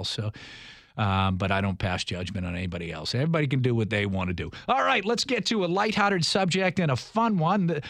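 A man's voice: fairly low pitch, no echo, clean studio sound. A man in his fifties hosting a talk show, rambling and earnest with many restarts. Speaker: radio show host.

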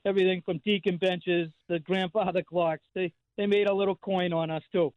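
A man's voice: sits high, level tone, fairly quick, no echo, muffled recording. A man in his fifties with a Boston accent, calling in to a radio show and rambling through stories with lots of fillers and restarts. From Boston area. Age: 50s. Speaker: regular call-in guest. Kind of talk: casual radio chat.

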